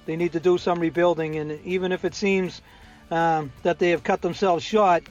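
An older man with a strong Boston accent talks in a loose, chatty way, full of you-knows and ums. His voice sits a bit high for a man. The recording sounds dull and lo-fi, with faint music underneath. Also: steady tone, moderate pace. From New England. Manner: chatty, many fillers. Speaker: weekly contributor. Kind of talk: casual recorded update.

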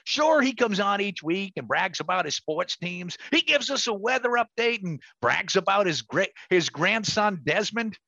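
A middle-aged male host with a gravelly, bright voice swings his pitch all over as he hypes his guest and segments. He often trips and restarts mid-sentence. The sound is dry and a little dull. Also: lively intonation, normal speed, hardly any pauses, no room sound. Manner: enthusiastic, promotional, self-correcting. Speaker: radio show host. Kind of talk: casual radio talk.

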